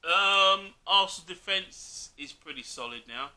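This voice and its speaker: A man in a casual football chat with a very bright, fairly high voice. He is blunt and argumentative and drops "mate" into nearly every line. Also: lively intonation, measured pace. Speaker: co-host, Liverpool fan.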